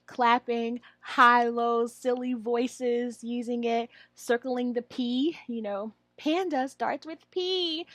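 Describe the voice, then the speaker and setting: A woman explaining how to teach a lesson, slipping into a high, drawn-out teacher voice to model phrases. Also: fairly bright tone, no echo, clean studio sound. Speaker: online English teacher trainer. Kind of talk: instructional walkthrough.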